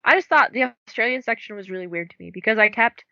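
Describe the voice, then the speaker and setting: A woman's voice: a little high, lively intonation, fast talker, sharp tone, dry recording, muffled recording. A young woman co-hosting a book podcast, chatting casually and filling her talk with "like". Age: young adult. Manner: chatty, many "like" fillers. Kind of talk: casual chat.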